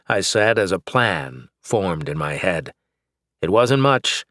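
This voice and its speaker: A man narrating an action novel in first person, in a steady, measured way. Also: sits low, dry recording, studio quality. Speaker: audiobook narrator.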